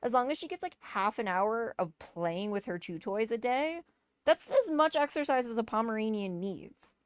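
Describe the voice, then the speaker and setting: A woman's voice: a little high, animated, normal speed, clean tone, no echo, clean studio sound. A woman streamer telling a storytime rant, exasperated and swearing as she mocks a neighbor.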